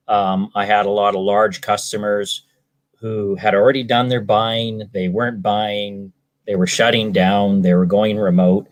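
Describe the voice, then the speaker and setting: A man's voice: lowish voice, fairly even intonation, slow. A man from British Columbia, a salesman, answering interview questions in a rambling way with many ums and restarts. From British Columbia, Canada. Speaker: guest, salesman.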